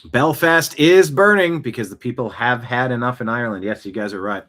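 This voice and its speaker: A man's voice: medium pitch, brisk, fairly bright tone. A man hosting his own show, giving opinionated news commentary full of indignant rhetorical questions. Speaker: show host.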